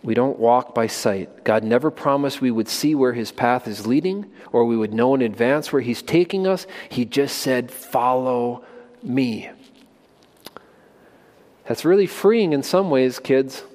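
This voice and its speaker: A man's voice: mid-range voice, moderate pace, hardly any pauses, darkish tone. A man preaching a sermon to children in an emphatic way, often putting questions to them. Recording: long reverb of a large hall.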